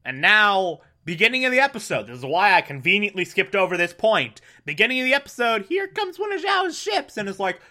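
A man's voice: high-pitched, very animated, fairly quick, hardly any pauses, pushed and bright. A man giving a casual, enthusiastic spoken review of a cartoon episode, rambling and breaking off mid-thought. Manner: enthusiastic, rambling, self-interrupting. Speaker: show reviewer.

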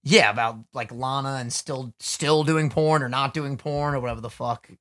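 A young man hosting a podcast in casual chat, excitable, swearing freely and laughing often. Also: mid-range voice, moderate pace. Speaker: podcast host.

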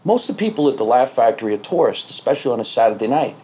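A comedian from New spins a story in loose, animated podcast talk. His voice sits at a middling pitch with a dark, mellow tone. He curses freely and acts out what other people said. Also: rapid-fire. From New Jersey. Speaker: stand-up comedian.

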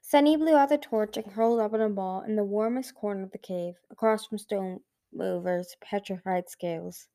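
A woman reads a fantasy novel aloud in a casual, homemade style. Her tone is mellow and dark, and she sometimes stumbles and restarts a phrase. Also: mid-range voice, moderate pace, few pauses, dry recording. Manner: casual reading with some slips and restarts. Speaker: audiobook reader. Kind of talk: amateur audiobook narration.

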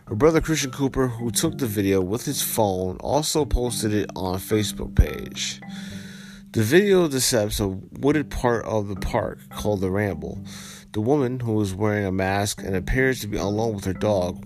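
A man with a low voice hosts a podcast. He reads the news plainly and then speaks his mind in blunt, profane terms. Faint music plays underneath. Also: expressive, normal speed, a little mellow. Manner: blunt and profane, heated when ranting. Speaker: podcast host. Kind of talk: reading a news story aloud, then ranting commentary.

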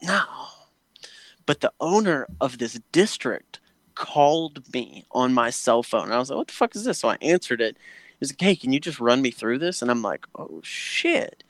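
A man talks through an annoyed, profanity-laden story in a relaxed chat at home. His voice sits at a middle pitch and is recorded dry and close, with no room sound. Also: moderate pace, no room sound. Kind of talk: casual chat. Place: home patio.

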